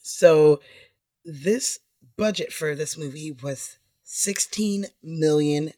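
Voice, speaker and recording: A woman's voice: low voice, slow, warm tone. Playful foul-mouthed woman. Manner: playful, swears casually. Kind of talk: casual chat.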